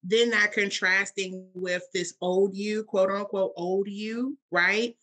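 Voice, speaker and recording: A woman's voice: mid-range voice, steady tone, takes it slowly, fairly bright tone. A woman co-hosting a podcast as a coach, asking probing questions and reflecting answers back in a playful, casual way.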